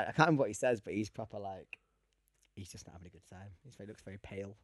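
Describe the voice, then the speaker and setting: A man's voice: lowish voice, racing, no room sound. Rambling young man, dry sound. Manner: rambling, laughs often. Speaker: podcast co-host. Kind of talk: casual chat.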